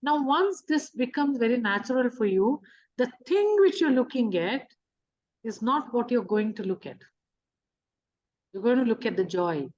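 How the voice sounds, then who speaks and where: High-voiced woman teaching, lo-fi sound. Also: lively intonation, moderate pace, darkish tone. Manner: explains with rhetorical questions and everyday examples. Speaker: spiritual teacher. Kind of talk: teaching talk on emotions and manifestation. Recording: dull lo-fi recording.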